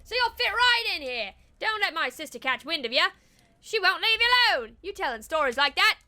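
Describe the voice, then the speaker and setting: A woman doing a loud cheeky monster hunter bloke. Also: very high-pitched, very animated, brisk, pitched above the performer's own voice, full character voice. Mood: jolly. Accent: put-on Australian-English. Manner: loud, boisterous, slangy.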